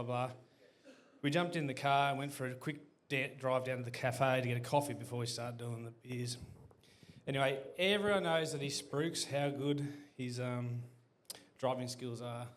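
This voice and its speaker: On stage as a guest, a man spins a rambling, sweary comic yarn for a live crowd, laughing as he goes and saying "anyway" again and again. His voice is medium-pitched and a bit bright.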